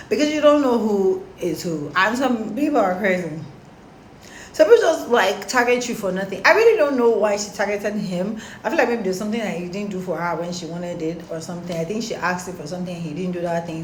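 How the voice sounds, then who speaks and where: A young woman telling a story casually to her followers, animated and slangy. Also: lowish voice, slight background noise. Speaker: storytime vlogger. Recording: roomy echo, faint background.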